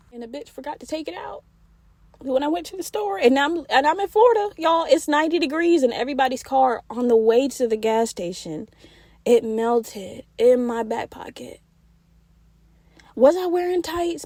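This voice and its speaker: Animated young woman telling a story. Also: fairly high pitch, dry recording, clean studio sound. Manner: animated, profane storytelling with acted-out dialogue. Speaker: podcast host. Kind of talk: solo storytelling podcast.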